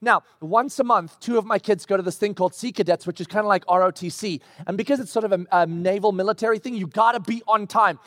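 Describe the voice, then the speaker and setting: High-voiced pastor telling a story. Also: male voice, quick pace, few pauses, no echo, clean studio sound. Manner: animated storytelling with acted-out quotes. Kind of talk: sermon. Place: church.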